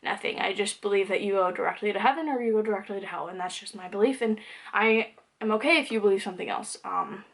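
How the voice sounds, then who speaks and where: A woman's voice: medium pitch, fast, creaky. A young woman talking candidly to camera in a personal vlog, conversational and loose, with plenty of "like" and "um". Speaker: vlogger.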